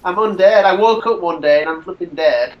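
A man's voice: high voice, brisk, dull audio. A man narrating a game story, then joking crudely with friends while playing. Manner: teasing, crude banter. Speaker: co-op player and narrator. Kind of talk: scripted narration and casual gaming chat.

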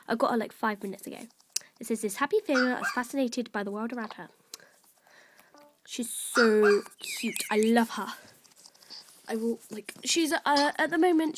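A woman's voice: on the high side, slight background noise. A woman chatting casually and rambling with many fillers while she shows off her virtual pets. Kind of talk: casual gameplay chat.

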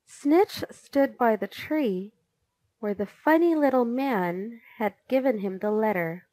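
A woman narrating a children's storybook in an expressive reading. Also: a little high, no room sound. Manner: slow, expressive.

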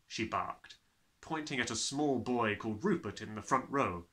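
A man reading a children's novel aloud, with animated, expressive narration. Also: medium pitch, normal speed. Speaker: audiobook reader. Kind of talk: storybook narration.

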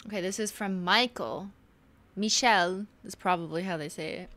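A woman's voice: medium pitch, normal speed, fairly bright tone. A woman streaming a game, chatting casually, laughing often and reading the game text aloud. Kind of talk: casual gameplay commentary.

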